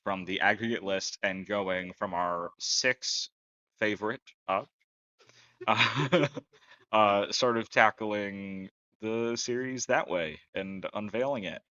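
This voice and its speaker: A man's voice: on the low side, takes it slowly, bright, forceful tone, no echo, lo-fi sound. A man co-hosting a casual podcast, explaining things carefully with a dry sense of humor and some stammered restarts. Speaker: podcast co-host.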